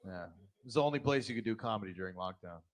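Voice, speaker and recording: A middle-aged man doing a blunt, profane stand-up set, jumping into sudden high put-on voices. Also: expressive, fast talker. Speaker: stand-up comedian.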